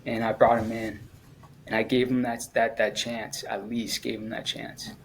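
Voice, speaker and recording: A man, a former Marine, telling his story in an interview in a halting, earnest way, with frequent pauses and restarts. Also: mid-range voice, level tone, creaky, slight background noise, low-quality recording. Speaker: guest, former Marine at the Kabul airport evacuation.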